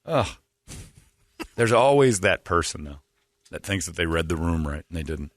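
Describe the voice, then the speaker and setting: A man hosting a podcast, telling stories in a sarcastic, animated casual chat. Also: low-pitched, normal speed, dry recording, studio quality. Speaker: podcast host.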